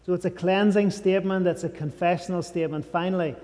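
Preacher in an echoing hall. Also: male voice, fairly even intonation, quick pace. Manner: emphatic, drops to a hushed low voice on key phrases. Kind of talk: sermon. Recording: long reverb of a large hall.

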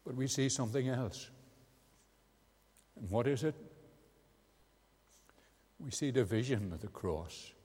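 A man's voice: mid-range voice, lively intonation, takes it slowly, long pauses, warm tone, slightly rough. A man preaching an evangelistic sermon in a meeting house, earnest and building to emphatic peaks. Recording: long hall reverb.

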